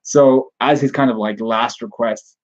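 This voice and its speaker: A man's voice: medium pitch, steady tone, unhurried, muffled recording. A man giving a casual spoken recap and review of a comic chapter, rambling with frequent restarts and self-corrections.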